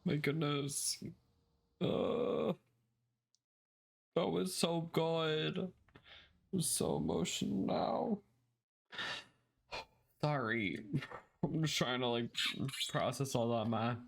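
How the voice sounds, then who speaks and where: A reaction video creator talking slowly and emotionally about a game cutscene. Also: mid-range voice, sing-song, vocal fry, a little hiss or hum. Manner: slow, emotional, given to exclamations.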